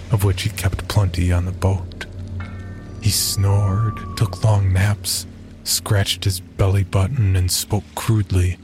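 A man giving scripted narration of a horror story in a measured, even way. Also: sits low. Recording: narration over loud music.

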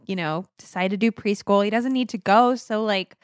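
A woman's voice: medium pitch, moderate pace, clean tone, no echo. A woman in her thirties co-hosting a casual podcast, with a voice that sits in a middle register. She talks in a candid, rambling way, restarting her sentences. The sound is dry and close, with no room around it. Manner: chatty, candid, rambling with self-corrections. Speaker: podcast co-host. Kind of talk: casual chat.

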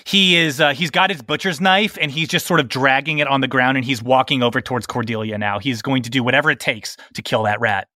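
A man's voice: medium pitch, quick pace, hardly any pauses, sharp tone, dry recording. A man narrating as game master in a tabletop game, loose and playful with many fillers.

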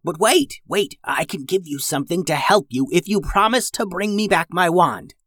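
Grumbling, slow old witch, read by a man, pitched up, close dry recording. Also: lively intonation, a bit bright, dry recording. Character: old grumbling witch, hurt but kindly.

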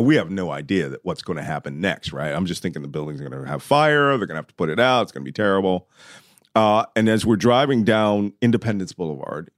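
Middle-aged man, low voice, dry close sound, vivid storytelling. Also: no room sound. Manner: vivid storytelling, shouts when reenacting. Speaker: guest telling a personal story. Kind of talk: animated storytelling.

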